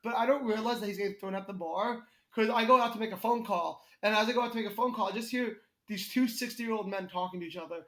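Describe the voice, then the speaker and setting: High-pitched man, comedian guest, animated storyteller, echoey room. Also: fast, hardly any pauses. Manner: animated storyteller, laughs often. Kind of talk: casual podcast chat.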